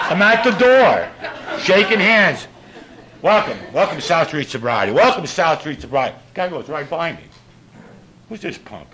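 An older man, telling profane stories to a laughing recovery-meeting audience in a gruff voice. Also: background noise. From New York. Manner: gruff and profane, with big swings in pitch and loudness. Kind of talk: storytelling talk to a live audience.

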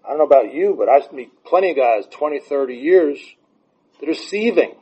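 A man's voice: medium pitch, animated, fast talker, dark tone, breathy edge. A man giving blunt, profane recovery advice and telling stories from his own life. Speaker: recovery speaker. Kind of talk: candid advice talk. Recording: dull lo-fi sound.

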